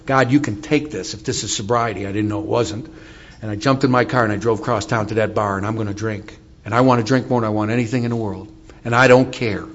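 A man's voice: mid-range voice, lo-fi sound. Middle-aged man candidly sharing a recovery story. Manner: candid storytelling with wry humor. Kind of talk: recovery talk to an audience.

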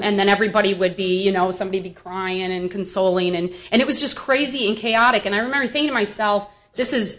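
A woman's voice: mid-range voice, a bit bright. A woman from the American Midwest giving a frank, humorous personal testimony at a recovery meeting, rambling with many fillers. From Milwaukee, US Midwest. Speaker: speaker sharing at a recovery meeting. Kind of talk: personal testimony, casual storytelling. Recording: dull lo-fi recording.

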